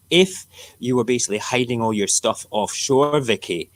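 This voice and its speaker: A man's voice: medium pitch, moderate pace, no echo. A middle-aged man with an Edinburgh Scottish accent, hosting a casual live stream, reading the newspapers aloud and joking and ranting back at his chat. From Scotland. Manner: ranting, jokey, talks back to chat viewers.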